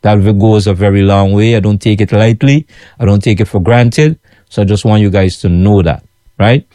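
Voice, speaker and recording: A Guyanese man talks casually to his followers about his food business. His voice sits low and mellow. The sound is dry and close, and he keeps circling back with "you know what I'm saying". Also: fairly even intonation, normal speed, no room sound. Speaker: food vendor running his own kitchen business.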